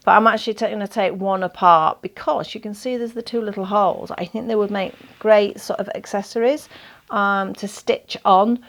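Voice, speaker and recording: Chatty woman with a gravelly voice. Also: medium pitch, brisk, fairly bright tone. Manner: chatty, rambling, laughs often. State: slightly hoarse, losing her voice. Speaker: doll collector vlogger. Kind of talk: casual show-and-tell vlog.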